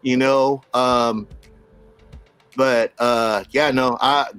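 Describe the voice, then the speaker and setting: A middle-aged man casually telling a story from work, animated, laughing often and acting out what people said. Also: mid-range voice, drawn-out words, smooth, no echo, faint music behind.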